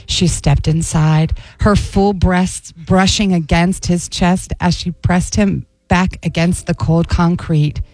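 A woman radio host reading a racy story aloud on air in a slow, careful voice. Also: lowish voice, steady tone, a little mellow, dry recording, poor audio.

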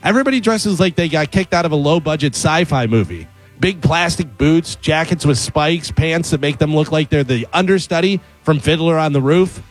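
A man's voice: a little high, lively intonation, moderate pace, soft background music, poor audio. A man delivering a scripted comedic rant as an open letter, sarcastic and mocking. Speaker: segment contributor reading an open letter.

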